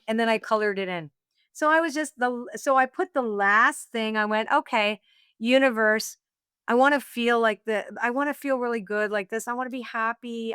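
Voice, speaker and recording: A woman being interviewed, telling a personal story in a lively, laughing way and acting out what she and others said. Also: on the high side, clean tone, no room sound, studio quality. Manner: animated, laughing storyteller, acts out her own quotes. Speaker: guest, oracle deck author.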